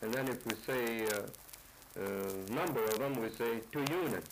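A man whose first language is Aleut, giving brief, halting answers about words. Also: mid-range voice. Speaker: native language consultant. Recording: noisy old tape recording.

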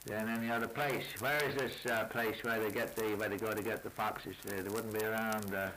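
A man interviewing a speaker about native words, halting with many fillers and repeating words back slowly. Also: fairly low pitch, little pitch movement, bright, forceful tone. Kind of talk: casual language elicitation. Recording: noisy old tape recording.

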